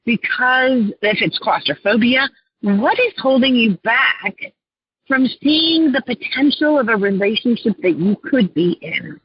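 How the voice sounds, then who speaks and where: A woman life coach, a guest on an interview show, telling her clients' stories in an earnest, heartfelt way and often clearing her throat. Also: a little high, expressive, a little slow, no room sound, dull audio.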